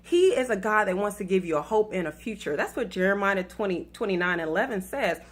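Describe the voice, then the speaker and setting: Expressive and a little fast, this medium-pitched Atlanta woman offers faith-based dating tips with a Southern accent. She's chatty and playful, laughs at her own story, and talks straight to her viewers, calling them y'all.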